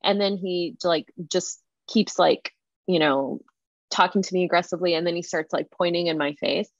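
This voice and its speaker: A woman guest retelling a workplace story in casual, animated talk full of fillers. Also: on the low side, moderate pace, dry recording. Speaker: interview guest. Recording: muffled lo-fi dry recording.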